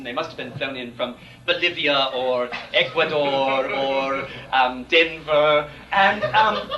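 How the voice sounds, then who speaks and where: A man's voice: fairly high pitch, pushed and bright. A man playing a catty, grand drag lady host. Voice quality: campy, mock-refined delivery. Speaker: comic host before a live audience. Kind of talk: live stand-up comedy. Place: large theatre stage with live audience. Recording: fuzzy 1980s VHS air check, roomy and distant.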